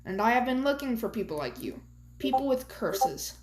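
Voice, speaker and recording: A woman voicing a calm, mysterious male Grim Reaper who recruits cursed people in a fan-made story, speaking gently and coaxingly. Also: a little high, moderate pace, noisy background. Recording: roomy echo.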